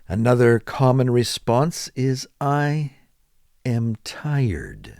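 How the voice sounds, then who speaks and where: Man, teacher, lively sing-song delivery, dry close recording. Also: on the low side, no room sound. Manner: repeats model phrases slowly with exaggerated rising and falling intonation. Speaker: English teacher. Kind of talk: slow, deliberate spoken English lesson.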